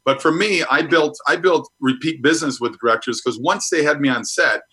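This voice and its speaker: A man's voice: a little high, a little fast, pushed and bright, husky, rough recording. A middle-aged man from Minnesota, a guest actor talking frankly about his career in a casual interview.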